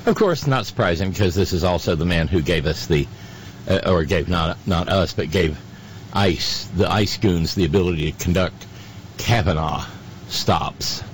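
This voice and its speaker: A man hosting a talk radio show, giving political commentary in a halting, sarcastic way full of fillers. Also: deep voice, slight background noise.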